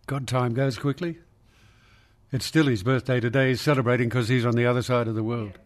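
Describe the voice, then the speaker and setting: A man hosting a talkback radio show in a dry, measured, unhurried way. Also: mid-range voice, steady tone. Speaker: radio host.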